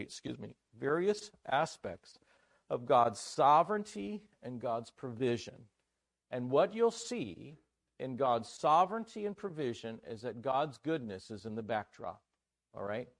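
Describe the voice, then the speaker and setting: A man preaching a conference sermon in an animated, conversational way, joking with his listeners. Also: medium pitch, no room sound. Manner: animated, conversational, jokes with the audience.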